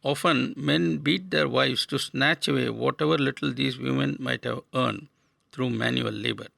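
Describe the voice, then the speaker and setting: An older man from India giving a scripted spiritual radio talk in a measured, earnest way, asking rhetorical questions. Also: mid-range voice, steady tone, creaky, bright, forceful tone, dry recording. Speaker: radio speaker.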